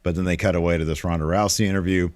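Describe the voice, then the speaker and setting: A man co-hosting a wrestling podcast, casually recapping a show with relaxed delivery and frequent fillers. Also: sits low, racing, no room sound.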